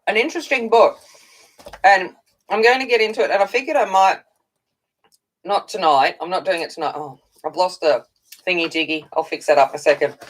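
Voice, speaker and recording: A woman's voice: medium pitch, poor audio. A woman hosting a casual livestream from home, tired and chatty, greeting viewers by name and talking while she eats. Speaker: coloring channel host.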